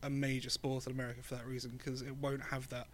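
A man's voice: mid-range voice, flat delivery, fast. A man from England with an English accent, co-hosting a podcast in casual chat, chatty with lots of ums and easy laughs. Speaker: podcast co-host.

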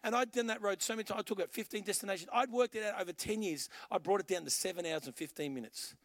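A man's voice: sits high, quick pace, fairly bright tone, no room sound. A middle-aged Australian man preaching a sermon as pastor, telling stories in punchy, conversational phrases.

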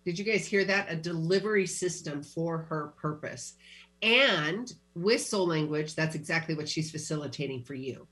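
A woman's voice: sits low, normal speed, a bit bright. A woman hosting a podcast interview, speaking in an encouraging way and addressing her listeners directly. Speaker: podcast host.

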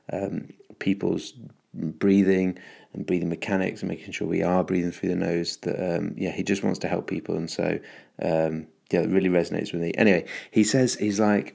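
Upbeat podcast host, very low voice with gravelly fry, rambling and full of ums. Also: male voice, darkish tone. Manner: rambling, upbeat, many fillers and restarts. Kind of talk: casual solo podcast monologue.

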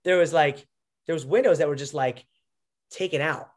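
A young man with a somewhat high voice talks in a loose, rambling way. He fills his sentences with "like" and "you know" as he tells stories to a podcast host. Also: moderate pace. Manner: rambling, filler-heavy storytelling. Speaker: guest, former college wrestler. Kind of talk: casual conversation.

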